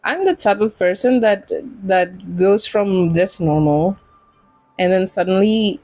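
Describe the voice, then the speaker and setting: A woman's voice: medium pitch, a little mellow, no room sound, poor audio. A woman streamer chatting casually while gaming, rambling and giggling often. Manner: giggly and rambling, with frequent laughs and restarts. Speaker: game streamer.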